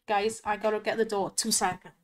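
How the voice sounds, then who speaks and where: A young woman hosting a slot-win video, gushing and giggling in excited commentary. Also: medium pitch, fairly quick.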